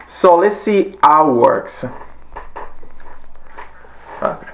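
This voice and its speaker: Man with an Italian accent, halting. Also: on the high side, animated. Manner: halting, frequent uh fillers, non-native grammar. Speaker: tech reviewer. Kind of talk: casual product demo.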